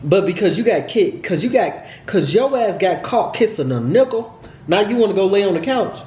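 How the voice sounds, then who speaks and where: A fairly high-voiced man with a mellow tone tells his story to viewers, swearing hard and piling on fillers. He sounds heated the whole way through. The sound bounces around a bare, echoey room. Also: animated, normal speed, highs cut off, a little hiss or hum. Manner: heated, profane retelling with lots of fillers. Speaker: storytime vlogger.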